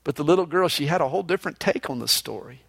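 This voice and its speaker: A male pastor preaching a verse-by-verse sermon, earnest and expressive, moving between emphatic rises and hushed lows, with a conversational "you know" style. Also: fast talker, gravelly, breathy edge, no room sound. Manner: conversational, with frequent "you know" fillers and restarts.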